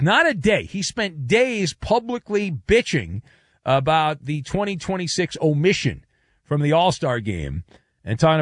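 A man hosts a sports talk segment in a casual, sarcastic monologue. His fairly high voice leaps up and down as he mocks and acts out the people he talks about. The sound is dry and close, with no room echo. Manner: animated, sarcastic, acts out quoted exchanges.

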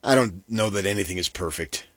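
A man co-hosting a sports talk show, joking wryly in a lively, animated way. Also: on the low side, a little fast, no room sound, clean studio sound. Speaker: sports radio co-host.

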